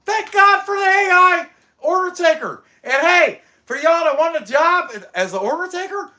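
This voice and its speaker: A man's voice: extremely high pitch, animated, normal speed, bright, forceful tone. A man hosting a woodcarving channel, rambling through a casual joking monologue full of wisecracks.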